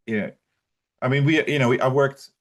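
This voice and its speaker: A man presenting and answering audience questions in an online talk, speaking haltingly with many fillers and restarts. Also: mid-range voice.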